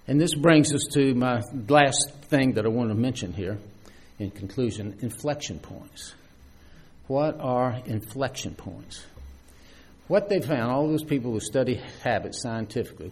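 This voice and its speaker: Husky, animated preacher man. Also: medium pitch. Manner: lively, conversational preaching with many restarts and asides. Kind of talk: sermon.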